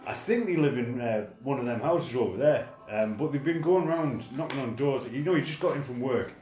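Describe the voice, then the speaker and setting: A man's voice: mid-range voice, fairly quick, darkish tone, echoey room, soft background music. A man co-hosting a casual podcast, sweary and self-mocking, often restarting his sentences. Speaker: podcast co-host. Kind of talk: casual chat.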